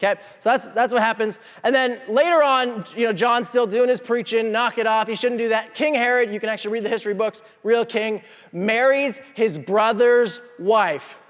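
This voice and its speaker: A man preaching a sermon as a pastor, telling the story with animated asides and acted-out voices. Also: extremely high pitch, normal speed, few pauses, in a large hall. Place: church hall.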